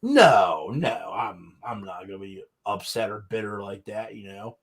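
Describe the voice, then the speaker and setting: A man's voice: on the low side, animated, unhurried, breathy edge. A man hosting a casual livestream chat, talking bluntly and swearing freely. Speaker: host.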